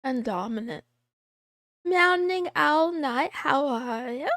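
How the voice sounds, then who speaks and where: Giggly high-voiced woman streamer. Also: lively intonation, takes it slowly, a bit bright, dry recording, clean studio sound. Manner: giggly, playful, rambling; playful cat persona, meowing. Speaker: VTuber streamer. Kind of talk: casual livestream chat, reading out viewer names.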